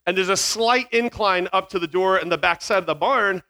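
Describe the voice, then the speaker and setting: A man telling a funny story to an audience, animated and self-mocking, acting out sounds, with a small mic near his beard. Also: high voice, a little fast.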